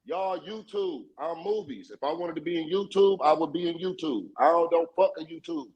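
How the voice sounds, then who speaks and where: A man, a guest in a casual interview, telling a story in a streetwise and profane way, getting more animated as he goes. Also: a little high, moderate pace, slightly rough, dull audio.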